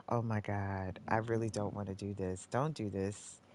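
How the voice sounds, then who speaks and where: A live streamer with a low, flat, slightly mellow voice at normal speed talks to themself during gameplay commentary, with a little hiss or hum in the audio. They swear often when frustrated, groan and sigh between lines, and swing between muttering and exclaiming.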